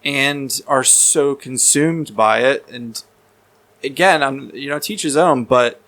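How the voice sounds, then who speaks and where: Casting: rambling male podcast guest, casual storyteller, mid-pitched. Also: takes it slowly, a bit bright. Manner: rambling, repeats words, swears casually.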